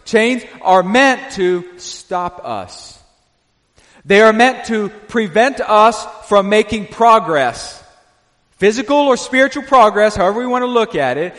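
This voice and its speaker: A man with a high voice preaches a sermon to his congregation. He presses hard on key words, then sinks low and quiet at the ends of his phrases. His voice rings with the long reverb of a church hall. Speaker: pastor. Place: church sanctuary.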